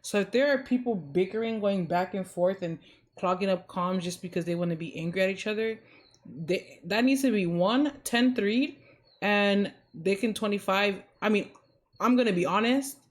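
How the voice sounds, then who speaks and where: A woman in a mid-range voice plays a dispatcher interviewing a new recruit. She talks casually and chattily, using slang. Her tone is plain and even. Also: mid-range voice, moderate pace. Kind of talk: role-play interview.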